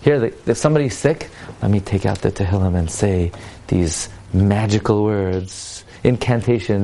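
Male Torah teacher, lively lecture delivery. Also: on the low side, moderate pace, vocal fry, slight background noise. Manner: animated lecturing, mixing English with Hebrew and Yiddish-accented quotes.

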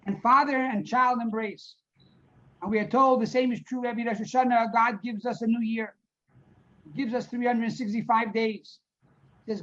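A man's voice: very high-pitched, little pitch movement, moderate pace, fairly bright tone. A man teaching a Torah class who reads Hebrew phrases, translates them and tells parables with repetition for emphasis. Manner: storytelling, repeats words for emphasis. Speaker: rabbi teacher. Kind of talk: Torah class on a Hasidic discourse. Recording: dull lo-fi recording.

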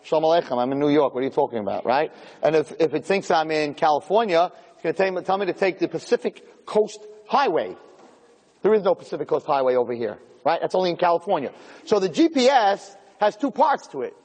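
A man's voice: fairly high pitch, quick pace, in a large hall. A man giving a humorous lecture to an audience, telling stories and acting out the scenes. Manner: animated storyteller, acts out scenes. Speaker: lecturer giving Torah classes.

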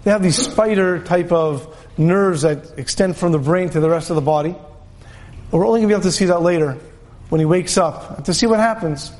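A man giving a religious talk, telling a story in an animated way and acting out the people in it. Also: normal speed. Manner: animated storyteller, voices characters with pitch jumps. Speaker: rabbi giving a Torah talk. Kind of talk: sermon with storytelling.

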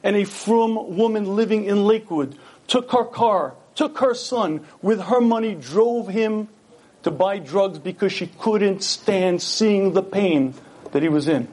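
A man's voice: sits high, unhurried, darkish tone. A man giving an earnest Torah lecture, telling stories and asking his listeners rhetorical questions.

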